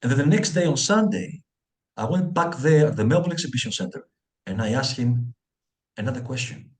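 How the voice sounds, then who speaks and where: Animated man telling a story. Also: mid-range voice, fairly quick. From Greece. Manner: animated storyteller acting out dialogue, many fillers. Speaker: interview guest, shaman. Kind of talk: storytelling in an interview.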